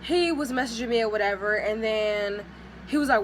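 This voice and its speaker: A woman's voice: fairly high pitch, fairly quick, background noise. Sassy young woman telling a story. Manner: animated, sassy, mimics other people's lines. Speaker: vlogger. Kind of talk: casual storytime vlog.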